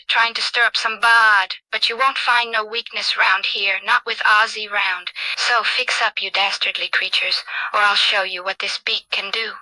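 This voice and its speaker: Cartoon ostrich enforcer, cocky and slangy, put on by a woman, bright piercing tone, dry close sound. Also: a little high, no room sound, rough recording. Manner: slangy, tough-talking threats. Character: brash streetwise male ostrich watchman.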